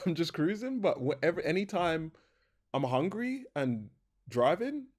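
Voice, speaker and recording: A man's voice: fairly high pitch, huge pitch swings, slow pace. A young man co-hosting a casual podcast chat, rambling, correcting himself and laughing often. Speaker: podcast co-host.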